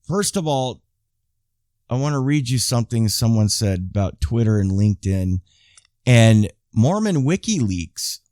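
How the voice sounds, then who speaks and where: A man's voice: medium pitch, sing-song, unhurried, darkish tone, no echo, studio quality. A man in his fifties giving casual YouTube commentary, reading viewer emails aloud and rambling with frequent restarts and asides to his viewers. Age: 50s.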